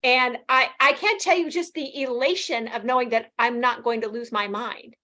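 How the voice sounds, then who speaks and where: A woman in her fifties talks fast and with lively energy as an interview guest. Her voice sits a little high, and she laughs easily between thoughts. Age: 50s. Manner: fast-talking, animated, laughs often. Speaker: guest sharing her experience. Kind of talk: casual interview testimonial.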